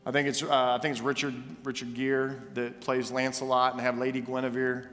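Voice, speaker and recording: A male pastor preaching a sermon in a church, telling stories with animated, emphatic repetition. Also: mid-range voice, fairly quick, long reverb tail. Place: church sanctuary.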